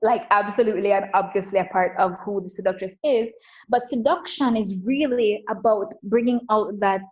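A woman coach talking in a casual interview, emphatic and animated, often saying "like". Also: medium pitch, poor audio. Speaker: coach and guest.

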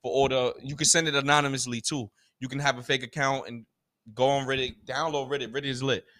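A man's voice: medium pitch, flat delivery, fast, bright, forceful tone. A young man hosting his own podcast, ranting in a profane, exasperated comic monologue full of rhetorical questions. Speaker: podcast host. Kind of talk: solo comedic rant.

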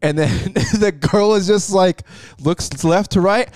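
Young man, casual storyteller, animated, swears freely, dry mic. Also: high-pitched, measured pace, no room sound. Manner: animated, acts out quotes with swearing.

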